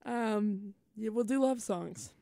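A young woman chats casually as co-host of a student radio show. She teases and giggles often. Her voice carries a gravelly fry, recorded dry and close. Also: mid-range voice, slow, dark tone, dry recording. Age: young adult. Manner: giggly, teasing. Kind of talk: casual chat.

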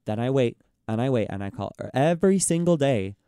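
A young man in casual chat, ranting in an exasperated, animated way and mimicking the people he quotes. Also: mid-range voice, fairly quick, smooth, no echo, studio quality. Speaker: podcast host.

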